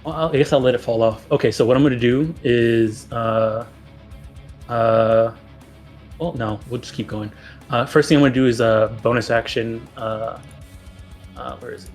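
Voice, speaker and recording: A man at an everyday mid pitch plays a tabletop game. He thinks aloud in a hesitant way, filling pauses as he decides. Faint guitar music runs underneath. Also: fairly even intonation. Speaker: player. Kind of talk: casual tabletop game play.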